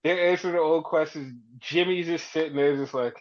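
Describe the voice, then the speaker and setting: A man co-hosting a podcast, casually recapping wrestling and acting out quotes with big leaps in his voice. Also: a little fast. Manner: animated storytelling, heavy swearing, acts out quotes with big pitch jumps. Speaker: podcast co-host. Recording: dull lo-fi sound.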